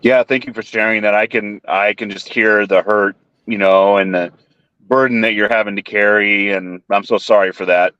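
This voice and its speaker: A man's voice: fairly low pitch, fairly even intonation, moderate pace, clear, resonant tone, dry recording. A man hosting a live stream chat, earnest and sympathetic. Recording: dull lo-fi audio.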